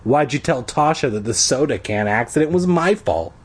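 A man's voice: medium pitch, lively intonation, normal speed, breathy edge. A man voicing a nasty bullying boy with a taunting, sneering manner.

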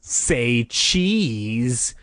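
A man reading aloud puts on a grinning teenage bully, smug and mocking as he taunts younger kids. Close, dry sound with lively pitch. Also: drawn-out words, no echo, full character voice.

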